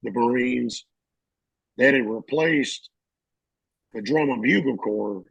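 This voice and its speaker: A middle-aged man, a veteran, telling his service stories casually and acting out the shouted lines of others. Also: mid-range voice, takes it slowly, creaky, husky, no echo, rough recording. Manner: animated, acts out shouted quotes. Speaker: veteran interviewee. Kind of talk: casual storytelling.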